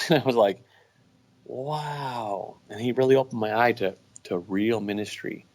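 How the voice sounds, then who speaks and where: A man, a guest business owner, telling stories in a relaxed, casual way with many restarts. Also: on the low side, fairly quick. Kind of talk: casual storytelling.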